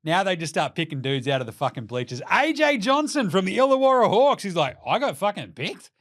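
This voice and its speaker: A man's voice: high-pitched, lively intonation, brisk, fairly bright tone, no echo, clean studio sound. A young Australian man hosting a podcast, giving a mocking, sweary rant of casual commentary. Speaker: podcast host.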